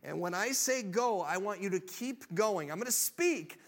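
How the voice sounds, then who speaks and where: A man preaching a sermon as pastor, energetic, rallying the congregation and building to loud proclamations. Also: high voice, normal speed.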